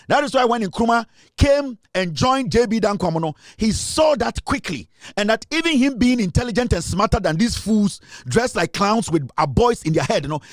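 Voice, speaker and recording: This political commentator, a man with a Ghanaian accent and a high-sitting voice, rants with heat and scorn, repeating himself and slipping into Twi. The recording is studio quality with no echo.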